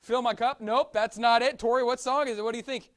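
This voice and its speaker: A woman teaching a children's Sunday school class, coaxing the kids, singing and shouting along with them in a church classroom. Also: fairly high pitch, fairly even intonation, quick pace. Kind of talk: leading kids in song and chat.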